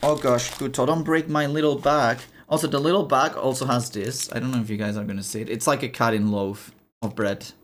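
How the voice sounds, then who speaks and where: A young man chatting casually on a live stream, animated and chatty, swearing and laughing as he shows off items. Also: medium pitch, brisk, slight background noise.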